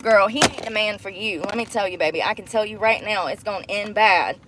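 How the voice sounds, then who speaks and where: A young woman vlogging in a casual, candid chat to her viewers, animated and quick to laugh, calling them y'all, girl and baby. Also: mid-range voice, background noise.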